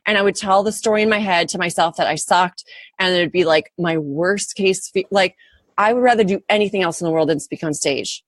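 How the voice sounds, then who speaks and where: A woman's voice: lowish voice, a little fast, no room sound, studio quality. A woman from Southern California chatting as a podcast guest, laughing often and acting out little quotes. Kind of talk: casual podcast conversation.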